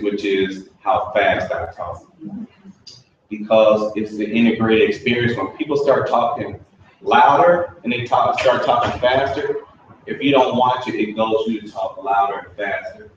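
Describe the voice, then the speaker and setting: Man, low voice, workshop trainer, chatty explaining, very echoey room, distant dull mic. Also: a little hiss or hum. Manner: conversational, anecdotal explaining. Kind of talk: instructing a staff training session.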